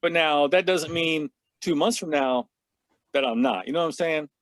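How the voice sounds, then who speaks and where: A man's voice: on the high side, normal speed, a bit bright, no echo. A middle-aged man talking frankly and casually as a podcast guest, laughing at himself and swearing now and then. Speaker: podcast guest, martial artist.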